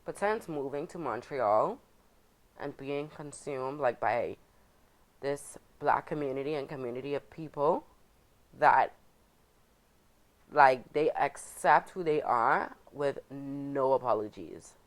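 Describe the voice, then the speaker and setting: A young woman from the Bahamas speaks with a Bahamian accent in a very low voice. She talks frankly and with a defiant edge. It sounds like a relaxed, casual chat. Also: poor audio. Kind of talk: casual discussion.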